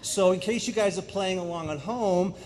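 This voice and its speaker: Middle-aged man from England, energetic public speaker, somewhat high voice, faint rumble behind. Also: normal speed. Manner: animated, joking with the audience. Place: school auditorium.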